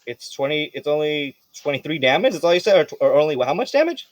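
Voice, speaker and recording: A man narrating as game master of a tabletop role-playing game, lively and quick to laugh. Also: fairly high pitch, dry recording. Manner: lively, laughs often, jumps into quick character shouts.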